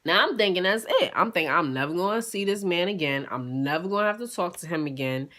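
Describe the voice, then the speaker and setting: A young woman from Queens, telling a story in a blunt, profane, animated way. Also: lowish voice, fast talker. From Queens, New York. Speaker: vlogger. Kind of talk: casual storytime.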